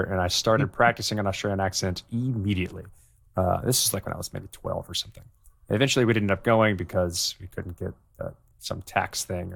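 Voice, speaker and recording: A man's voice: low-pitched, vocal fry, a bit bright. A man co-hosting a podcast, chatting in a candid, rambling way. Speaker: podcast co-host. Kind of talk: casual chat.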